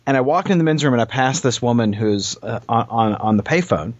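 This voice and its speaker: A man telling an anecdote and chatting with friends, animated and halting, with many restarts, over dry, slightly dull audio. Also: mid-range voice, no echo. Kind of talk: casual storytelling and chat.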